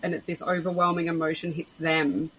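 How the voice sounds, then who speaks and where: A woman's voice: sits low, level tone, brisk, fairly bright tone, slight background noise, rough recording. Chatty woman hosting a podcast. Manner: chatty, acts out quoted voices in her stories. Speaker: podcast host. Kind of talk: conversational podcast interview.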